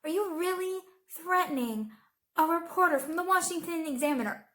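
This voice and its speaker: A woman's voice: very high-pitched, moderate pace, fairly bright tone. A woman YouTube commentator reacting to a clip in a casual, sarcastic and exasperated way.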